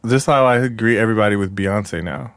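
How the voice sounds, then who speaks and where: A man's voice: lowish voice, brisk, a bit bright, smooth, dry recording. A man co-hosting a podcast in casual chat, playful and riffing on catchphrases. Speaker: podcast co-host.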